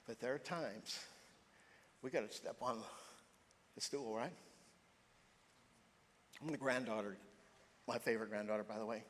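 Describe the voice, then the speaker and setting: Older guy preaching in church, mid pitch, lots of hall echo, gets loud on the punchlines. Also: a little slow, pauses often, a little hiss or hum. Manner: animated storytelling, voice jumping up for emphasis. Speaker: pastor. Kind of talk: sermon. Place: church sanctuary. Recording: long hall reverb.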